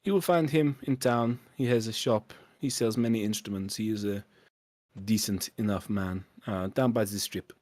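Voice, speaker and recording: A man's voice: fairly low pitch, darkish tone, no room sound, studio quality, natural voice. A man doing a haughty fake-French fixer. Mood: condescending. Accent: put-on French accent. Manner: haughty, slow and hesitant. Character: snobbish male city fixer, dismissive and scornful. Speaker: game master.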